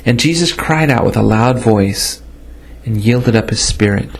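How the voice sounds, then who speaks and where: A man reading scripture aloud in a steady, plain manner, now and then stumbling over a word and correcting himself. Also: mid-range voice, measured pace, gravelly, rough recording.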